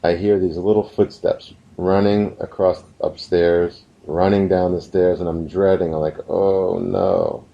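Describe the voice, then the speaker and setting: A man giving an earnest motivational business lesson, telling stories and slowing down to stress his points. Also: deep voice, flat delivery. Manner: earnest, storytelling, slows down for emphasis. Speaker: business course instructor. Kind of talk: recorded motivational course lesson. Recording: slightly muffled, dull recording.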